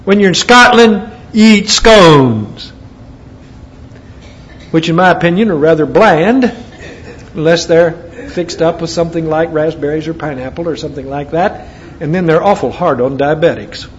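Reading scripture and dropping in folksy asides, this American preacher from the United States speaks at a moderate pace in a slightly high voice. The audio sounds dull and lo-fi, with a faint background hiss of noise.

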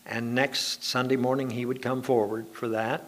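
A man's voice: medium pitch, level tone, normal speed, a bit bright. A man preaching a sermon to his congregation, telling homely anecdotes in a conversational, folksy way.

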